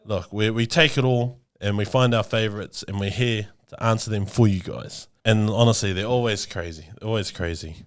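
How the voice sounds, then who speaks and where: A man's voice: fairly low pitch, normal speed, few pauses. A man with a New Zealand accent co-hosting a comedic podcast, brash and laddish, tossing "mate" into nearly every phrase. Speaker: podcast co-host.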